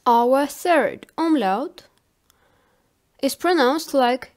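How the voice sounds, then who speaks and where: A woman giving a language lesson, saying each word slowly and carefully, often twice. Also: sits high, animated. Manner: slow, carefully enunciated word drills. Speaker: language teacher.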